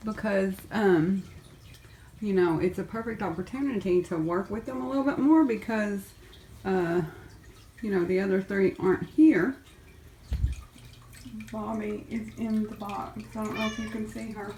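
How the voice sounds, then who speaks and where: A woman's voice: medium pitch, expressive, unhurried, dark tone, a little hiss or hum, low-quality recording. A woman chatting casually as she films kittens in a foster room, often cooing and baby-talking to them. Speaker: cat fosterer filming a vlog. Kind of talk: casual vlog chat. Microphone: handheld camera.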